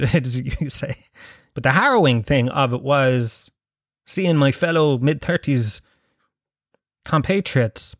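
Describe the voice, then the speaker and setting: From his sitting room in Ireland, a podcast host in his thirties with a Dublin accent rambles through a casual solo show, sweary and self-mocking. His voice is medium-pitched, captured in clean studio sound with no room sound.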